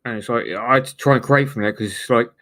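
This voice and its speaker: A man's voice: mid-range voice, fast, fairly bright tone, dry recording. Profane joking British man on stream. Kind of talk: casual chat.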